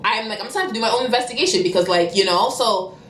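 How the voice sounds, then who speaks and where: A young woman telling a storytime vlog. She talks fast and animatedly, and bursts into loud cussing. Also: on the high side, roomy sound, slight background noise. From Canada. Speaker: vlogger.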